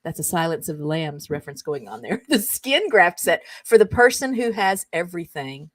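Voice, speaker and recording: A middle-aged woman hosts her own show, chattily reading funny texts aloud and giggling as she goes. Her voice is fairly low, very animated and moderately paced, captured in a dry recording.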